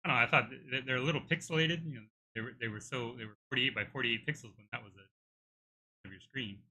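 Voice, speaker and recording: A man's voice: medium pitch, quick pace, pushed and bright. A middle-aged man with a tired throat, live coding and thinking aloud, hesitant with many restarts. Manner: hesitant, many restarts while working things out. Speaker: game developer streaming live.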